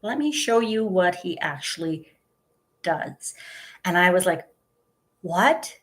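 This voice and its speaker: A woman's voice: lowish voice, unhurried, fairly bright tone. A woman in her fifties chatting casually to the camera, telling stories with giggles and lots of fillers. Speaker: vlogger. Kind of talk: casual chat.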